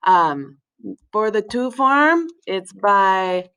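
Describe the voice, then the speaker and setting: Slow-talking woman teacher, relaxed. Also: medium pitch, smooth, poor audio. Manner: relaxed, with many fillers, slows to spell out words. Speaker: Spanish teacher. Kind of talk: recorded lesson for students.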